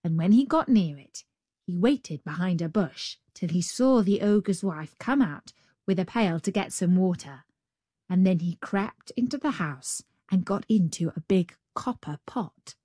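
A woman reading a fairy tale aloud as a storyteller, in an expressive, drawn-out way. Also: lowish voice, breathy edge, no echo, clean studio sound.

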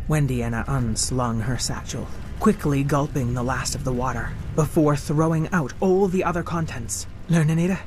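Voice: medium pitch, normal speed, faint music behind. A narrator reading a scripted adventure story expressively, dropping into whispers at moments.

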